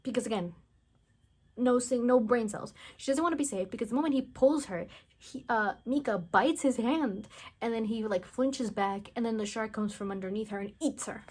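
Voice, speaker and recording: A woman's voice: a little high, moderate pace, a little mellow, slightly rough. A woman casually recapping a film plot, rambling and chatty with lots of "like" and blunt, mocking asides. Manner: rambling, chatty, heavy use of "like", acts out characters' lines. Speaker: movie reviewer.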